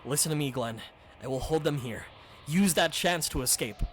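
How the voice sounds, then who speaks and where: A streamer reading a video game aloud and voicing a steadfast older male knight captain, pitched a little below their own voice, with formal, old-fashioned speech. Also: normal speed, a little hiss or hum, close to an everyday voice. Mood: resolute.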